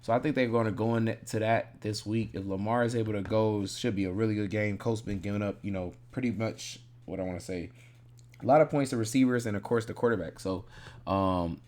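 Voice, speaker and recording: A man's voice: fairly low pitch, a little fast, a little mellow. A man casually breaking down fantasy football picks, thinking aloud in a laid-back, rambling way and correcting himself as he goes.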